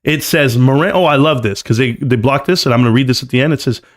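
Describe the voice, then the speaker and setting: A man's voice: mid-range voice, fast. A man hosting a live stream, ranting in a brash, boastful and taunting way. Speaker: stock market live streamer.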